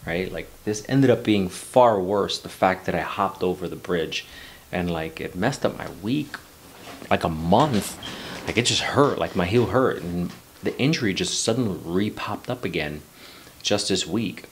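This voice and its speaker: Deep-voiced 40s guy from new york, loose rambly storytelling, swears a bit. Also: expressive, a little slow, slight background noise. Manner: rambling, loose, swears casually, drifts into life lessons. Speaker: vlogger. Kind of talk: casual personal storytelling.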